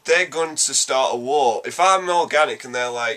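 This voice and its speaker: With a Yorkshire accent and a medium-pitched voice, a man delivers a casual, spoken game review. He's animated and blunt, swearing freely and rambling rapidly through his take.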